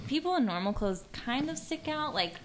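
A woman's voice: sits high, expressive, moderate pace, a little hiss or hum. A woman chatting as a podcast guest, upbeat and hedging with fillers. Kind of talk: casual chat.

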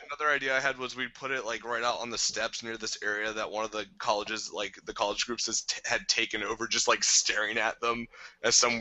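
Excitable young man, bright dry voice. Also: on the low side, no echo, highs cut off. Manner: excitable, rambling storyteller. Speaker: podcast co-host. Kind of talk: casual chat.

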